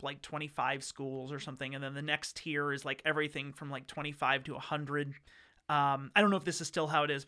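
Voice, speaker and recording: A man with a fairly high, bright voice tells stories in a relaxed interview. His voice is smooth and crisp. He talks chattily, stops and restarts, and slips into short acted-out quotes. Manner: chatty, acts out quotes, many fillers and restarts. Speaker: interview guest recounting law school. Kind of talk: casual storytelling.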